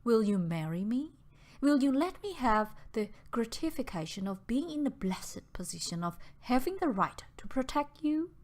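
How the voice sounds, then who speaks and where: Woman reading gentleman suitor, tender, pleading, slow, lilting. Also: high voice, exaggerated voice.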